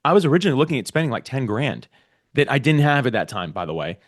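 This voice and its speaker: A man talking as a guest on a podcast, his words tumbling out at a quick clip. He is emphatic and animated, pressing his points in relaxed conversation. He records from his own home podcast studio. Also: mid-range voice. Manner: emphatic, animated advice-giving. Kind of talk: casual interview chat.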